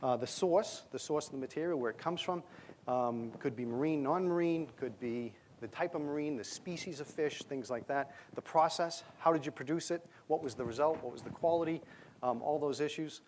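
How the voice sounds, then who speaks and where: A man's voice: a little high, fairly quick, slight background noise. A man giving a conference presentation on stage, talking conversationally with plenty of fillers and a light touch of humor. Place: stage under bright lights.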